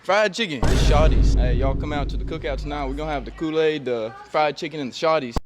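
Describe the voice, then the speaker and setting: A man putting on a loud, hyped-up party inviter. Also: fairly high pitch, natural voice. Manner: loud, fast, brash hype.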